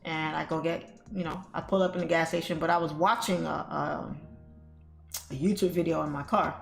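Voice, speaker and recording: A woman's voice: low voice, fairly even intonation, moderate pace, vocal fry. A woman hosting a trading livestream, chatting casually to her viewers as she tells a story. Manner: chatty, addresses viewers as y'all and guys. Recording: echoey room with faint music.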